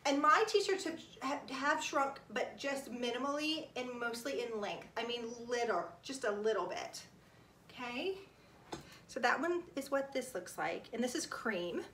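A chatty woman in her forties records a product review vlog at home. Her voice is high and very bright, and her talk is enthusiastic but often drops to a hushed tone. Faint noise sits under the recording. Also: lively intonation, a little slow. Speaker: lifestyle vlogger.

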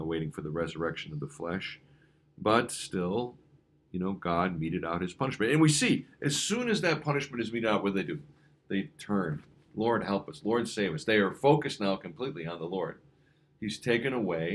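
A man preaching a conversational evening devotion as a pastor, talking loosely with frequent fillers and restarts. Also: low-pitched. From United States. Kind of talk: informal devotional sermon.

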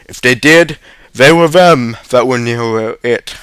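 A man voicing an offended old woman in a pub, huffy and dark in manner. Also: mid-range voice, lively intonation, moderate pace, dry recording, lightly acted.

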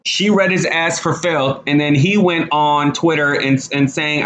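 Slangy animated man ranting casually. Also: fairly high pitch, a little slow, few pauses, slight background noise. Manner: animated, slangy, frequent fillers and restarts. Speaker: commentary vlogger. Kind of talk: casual commentary.

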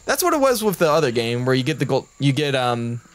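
A man's voice: mid-range voice, big pitch swings, quick pace, fairly bright tone. A man giving casual, joking commentary while playing a video game, rambling and profane. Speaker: let's play commentator.

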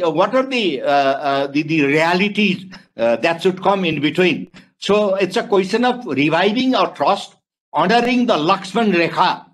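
Male panelist, fairly high pitch, hesitant and searching for words, on a video call. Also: fairly bright tone. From Nepal. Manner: halting, searching for words, rhetorical questions. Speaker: webinar panelist. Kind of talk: panel discussion remarks.

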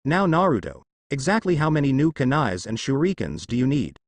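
A man voicing a fond, doting middle-aged father who runs a shop, a touch lower and gruff. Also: very animated, fairly quick, no room sound.

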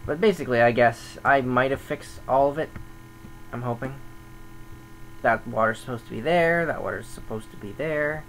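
A man's voice: medium pitch, moderate pace, a bit bright, a little hiss or hum, rough recording. A man talking casually over gameplay as a server admin, grumbling and thinking aloud as he goes.

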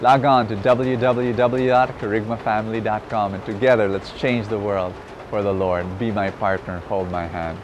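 A man's voice: on the low side, level tone, moderate pace, background noise. A man, a preacher, invites viewers to support his ministry and prays a blessing over them. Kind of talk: ministry appeal and blessing prayer.

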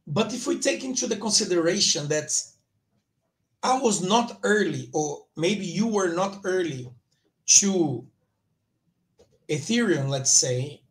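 Rambling man hosting a crypto livestream. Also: high voice. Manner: loose, rambling, with frequent restarts and fillers. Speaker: crypto channel host. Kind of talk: casual livestream commentary.

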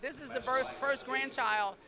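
A woman's voice: sits high, steady tone, unhurried, music in the background. A middle-aged woman, a basketball coach, talking effusively and proudly in a postgame interview, often repeating herself. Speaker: women's basketball head coach.

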